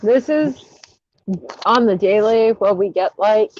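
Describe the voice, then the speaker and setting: A woman's voice: medium pitch, slow pace, darkish tone, a little hiss or hum. A woman hosting a casual live stream, giggling and self-deprecating as she chats. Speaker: livestream host. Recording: dull lo-fi stream audio.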